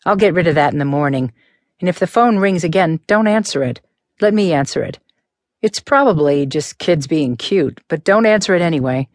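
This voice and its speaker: A woman's voice: low voice, lively intonation, moderate pace, no echo, clean studio sound. A woman doing a cool, teasing teen boy.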